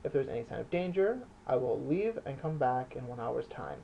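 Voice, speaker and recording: A man doing L, a cold gravelly smuggler. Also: medium pitch, fairly quick, dull audio, slight background noise. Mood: cold, controlled. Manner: calm, cold, precise. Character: cold, calculating male arms smuggler.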